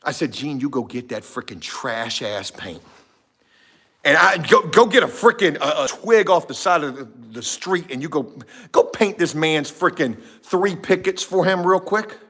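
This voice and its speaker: Animated, profane man telling a story. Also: a little high, moderate pace, slightly rough. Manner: animated, profane, shifts from shouting to muttering. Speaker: vlogger telling a work story. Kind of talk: casual storytelling to a live chat.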